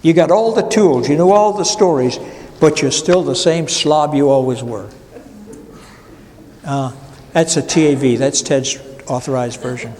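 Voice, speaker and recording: A male pastor gives an informal Bible lesson to adults, his voice sitting a little high for a man. He talks in a conversational, wandering way and drops wry asides. A long reverb from the church room trails each phrase. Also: unhurried, darkish tone. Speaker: pastor teaching adult education. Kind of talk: informal Bible class lecture. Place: church classroom.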